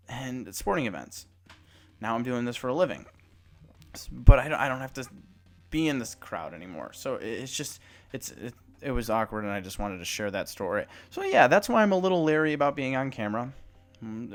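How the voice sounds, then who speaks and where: Young adult male host, self-conscious, rambling delivery, lively pitch, faint music underneath. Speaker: sports report host. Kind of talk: casual storytelling then reading sports news.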